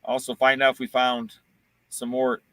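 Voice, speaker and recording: A man's voice: medium pitch, monotone, moderate pace, fairly bright tone. A man from Ohio hosting a casual livestream, joking around and reading viewer comments aloud. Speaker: livestream host and auctioneer.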